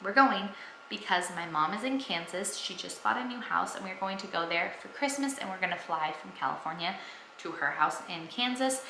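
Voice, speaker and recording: A woman's voice: fairly low pitch, animated, normal speed, creaky, pushed and bright, echoey room, slight background noise, rough recording. A young woman vlogging at home, talking earnestly and enthusiastically about her faith to the camera. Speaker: family vlogger. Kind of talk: casual faith talk to camera.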